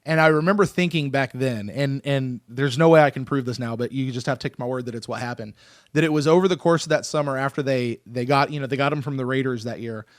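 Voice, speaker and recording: A man in his thirties hosting a casual sports podcast, excitable and animated, often restarting his sentences. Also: mid-range voice, quick pace, dry recording, clean studio sound. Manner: excitable, animated, self-interrupting. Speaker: podcast host.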